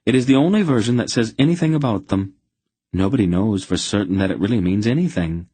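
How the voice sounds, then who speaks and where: A calm, wise aunt as a man voices her explains things in a matter-of-fact, lightly dry way. The voice is raised above the reader's own and stays husky with a dry, close sound. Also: lowish voice, fast talker, no room sound, voice pushed up. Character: calm wise older woman, protective aunt.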